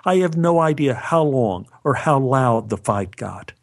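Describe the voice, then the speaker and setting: A male storyteller with a middle-pitched voice, narrating a scripted personal tale. His delivery is wry and dry, landing jokes with a straight face. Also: animated, a little slow. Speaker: storyteller, actor.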